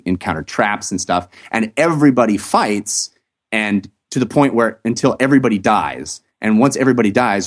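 A man hosting a casual podcast, chatting enthusiastically and rambling with frequent restarts and fillers. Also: fairly low pitch. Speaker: podcast host.

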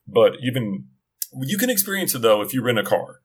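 A middle-aged man talks casually, rambling through a story with frequent restarts and asides. His voice sits at an ordinary middle pitch. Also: sing-song, brisk, breathy edge. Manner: rambling, self-interrupting storyteller. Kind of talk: casual chat.

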